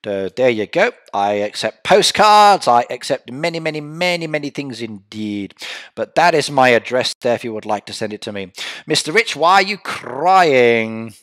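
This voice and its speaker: A man's voice: medium pitch, sing-song, moderate pace, fairly bright tone, no room sound, studio quality. A man chatting and joking with viewers as the host of a live stream. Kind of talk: casual live-stream chat.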